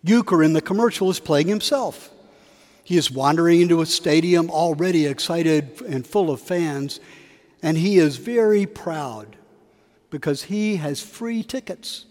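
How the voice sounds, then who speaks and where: A man preaching a sermon in a cathedral, telling a story with lively emphasis and acting out quotes. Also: on the high side, unhurried. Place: large cathedral. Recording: long cathedral reverb.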